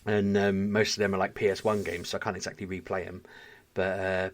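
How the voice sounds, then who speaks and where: A man co-hosting a casual podcast, speaking in a fairly low voice. He tells his stories with animated energy and breaks into laughter often. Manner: animated storyteller, quick to laugh. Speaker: podcast co-host. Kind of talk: casual chat.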